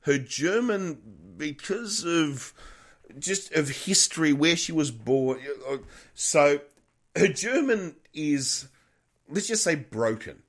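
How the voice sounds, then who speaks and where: A man's voice: fairly high pitch, expressive, slow pace. A middle-aged man co-hosting a podcast, telling a rambling story in casual chat. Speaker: podcast co-host.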